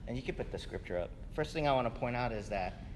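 A pastor with a medium-pitched voice preaches fast, his intonation lively, in a conversational sermon where he keeps asking "right?" Background noise is noticeable, and the hall is echoey with faint ambience.

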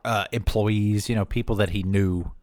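Casting: a relaxed, low-voiced man from the Midwest, rambling podcast chat, dry close mic. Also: normal speed, no room sound. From American Midwest. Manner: loose, rambling, lots of "like". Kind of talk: casual chat.

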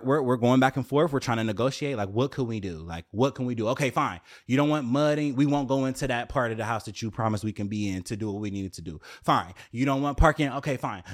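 A young man in the middle of a storytime rant, talking straight to his viewers. He swears freely, piles on "like" and restarts, and keeps throwing out exasperated rhetorical questions. His pitch sits in a middle range. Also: fast, hardly any pauses. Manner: animated, profane, full of fillers and repeated rhetorical questions.

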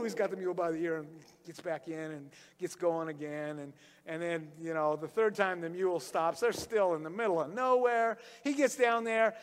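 A man's voice: high voice, long reverb tail. A man preaching a sermon as pastor, telling stories loosely and often repeating and restarting words.

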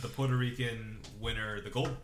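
A man talking emphatically in casual podcast chat, at an ordinary pitch. The room is echoey, and loud music plays behind him. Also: steady tone, normal speed. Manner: emphatic, laughing.

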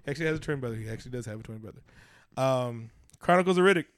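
A man co-hosting a podcast, teasing and cursing loudly with lots of laughter. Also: mid-range voice, expressive, rapid-fire, no room sound, clean studio sound. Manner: loud, teasing, laughing, profane. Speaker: podcast co-host. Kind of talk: casual banter.

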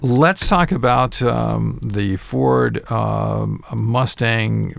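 A man's voice: medium pitch, drawn-out words, vocal fry, no echo. A man hosting a casual radio talk show, prompting his guest and adding dry quips. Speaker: host.

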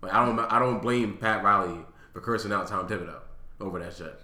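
A man's voice: on the low side, a little fast, sharp tone. A man co-hosting a podcast, talking sports in casual chat, blunt and profane. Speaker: podcast co-host. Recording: roomy echo.

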